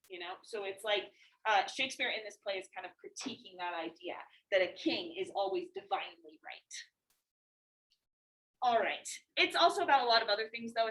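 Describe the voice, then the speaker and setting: A woman's voice: mid-range voice, a bit bright. A young woman teacher giving a casual, chatty class lecture, full of fillers and easy laughs. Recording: echoey classroom, far from mic.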